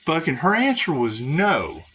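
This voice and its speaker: A man's voice: a little high, wildly swooping pitch, a little slow, fairly bright tone, slightly rough, faint music behind. A man rambling to his viewers in a spiritual vlog, sarcastic, swearing and laughing often. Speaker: spiritual vlogger.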